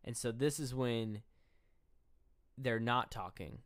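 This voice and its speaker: A man's voice: mid-range voice, takes it slowly, a bit bright, no echo, studio quality. Rambling young man retelling a film. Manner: rambling, retells scenes with quoted lines, swears. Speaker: podcast co-host. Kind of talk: casual film review chat.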